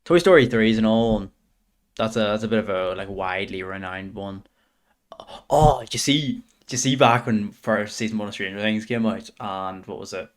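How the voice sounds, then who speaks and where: A man's voice: on the low side, normal speed. A man in his twenties chatting casually and hesitantly on a reaction stream. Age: 20s. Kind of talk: casual chat.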